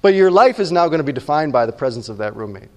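A pastor giving a conversational sermon, often checking in with the room with quick questions. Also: male voice, a little high, big pitch swings, big-room sound.

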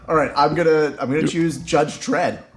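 A man's voice: on the high side, steady tone, measured pace. Dry-joking man, faint noise. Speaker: podcast co-host. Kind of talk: casual chat.

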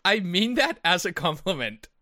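A man's voice: high voice, sing-song, moderate pace, sharp tone, no room sound, studio quality. A man co-hosting a podcast, teasing the others and laughing often. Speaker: podcast co-host. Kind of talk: casual chat.

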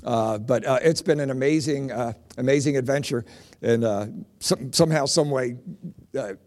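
A middle-aged man from Pennsylvania doing stand-up comedy as a comedian and preacher, telling animated stories with punchy jokes. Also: mid-range voice, normal speed.

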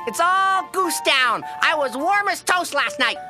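A woman plays a sweet, earnest cartoon boy with a very high voice. He gushes over the girl he adores. Bright cartoon music plays behind him. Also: lively intonation, a little slow. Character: sweet, devoted young boy. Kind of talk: 1990s cartoon dub acting. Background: cartoon background music.

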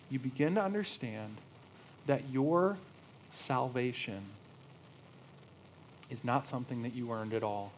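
Man preaching, from hushed awe to brisk stories. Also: medium pitch, a little hiss or hum, poor audio. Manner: storytelling, swings from hushed awe to lively anecdote. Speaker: pastor. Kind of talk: sermon.

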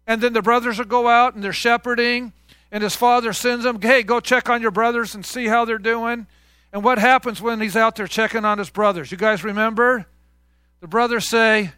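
Bright, high-voiced male pastor preaching. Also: steady tone, moderate pace, clean tone, no room sound, studio quality. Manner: conversational, call-and-response with congregation. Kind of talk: sermon.

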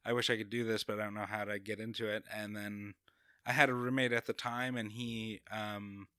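A man's voice: on the low side, little pitch movement, fairly quick, sharp tone, smooth, no room sound, clean studio sound. A young man from Long Island with a New York accent, chatting as a podcast guest in a rambling way full of restarts. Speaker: guest comedian. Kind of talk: casual podcast chat.

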